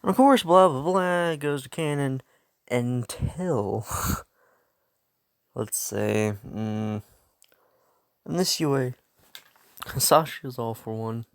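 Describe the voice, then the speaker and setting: A young man spins a fan story off the cuff, rambling and cutting himself off to laugh at his own asides. His voice is gravelly and his delivery slow and unhurried, recorded close and dry with no room sound. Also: medium pitch, no room sound. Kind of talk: casual improvised fan story narration.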